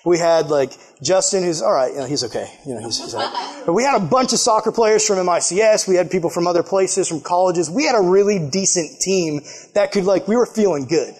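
A young man preaching a casual storytelling sermon to a youth group, animated and jokey, laughing at himself as he tells a story. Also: high voice, brisk. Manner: animated, jokey, self-deprecating with frequent laughs. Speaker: youth pastor. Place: church youth service.

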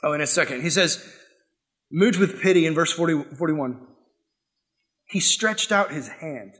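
High-voiced young preacher, animated. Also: male voice, a little slow. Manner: animated, shifts from loud acted quotes to quiet earnest asides. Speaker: pastor. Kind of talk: sermon.

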